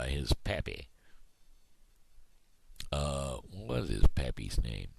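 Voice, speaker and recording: A man's voice: low voice, vocal fry, no room sound. A man from Missouri with a Midwestern American accent, rambling folksy in a casual daily video blog, full of fillers. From Missouri, USA. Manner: folksy, meandering, with many fillers. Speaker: video blogger.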